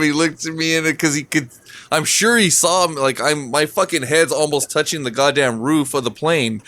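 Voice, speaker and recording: A man's voice: on the high side, fairly bright tone, no echo. A man co-hosting a casual drinking podcast, telling a story full of swearing and laughter. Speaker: podcast co-host. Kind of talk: casual drinking-show chat.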